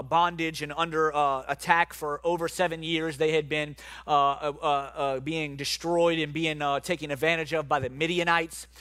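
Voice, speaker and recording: A man's voice: on the high side, sharp tone, no echo. A male pastor preaching a sermon, calling out to his congregation and reading scripture aloud. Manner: preaching with call-outs to the congregation.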